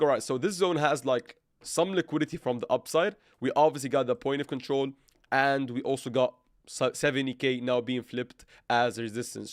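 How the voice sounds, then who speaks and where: A man's voice: medium pitch, dry recording, clean studio sound. A man hosting a live trading stream, reading viewer comments and thinking aloud with frequent stumbles and restarts. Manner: halting, stumbles and restarts, thinks aloud while working charts. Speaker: crypto trading livestream host.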